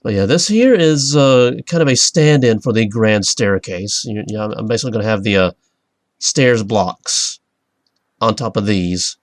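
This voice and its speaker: A man hosting a let's play, giving rambling, excitable gameplay commentary. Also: fairly low pitch, moderate pace, dry recording. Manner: rambling, excitable, self-interrupting.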